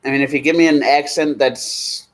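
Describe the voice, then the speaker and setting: A man in his thirties hosts a live stream, rambling casually at an easy pace and slowing down when he reads names aloud. His voice is a little high and steady, captured on a low-quality recording.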